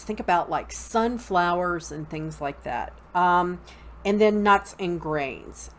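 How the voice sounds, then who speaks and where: A middle-aged woman hosting a casual spoken lesson on Wicca, relaxed and full of fillers, often checking in with "okay?". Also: medium pitch. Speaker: host teaching a Wicca course.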